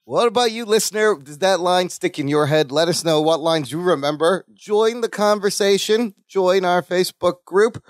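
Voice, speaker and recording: A woman co-hosting a podcast, retelling a sitcom episode in casual chat, animated and laughing often. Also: lowish voice, moderate pace, hardly any pauses, no echo, clean studio sound. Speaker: podcast co-host.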